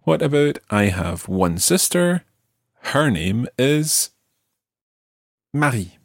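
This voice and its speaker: A man teaching a podcast language lesson, patiently modelling words slowly for the learner to repeat. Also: mid-range voice, sing-song, no echo, studio quality.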